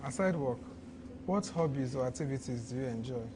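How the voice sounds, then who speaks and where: A man's voice: medium pitch, expressive, brisk, background noise. A Nigerian man interviewing someone in a teasing way, asking short questions.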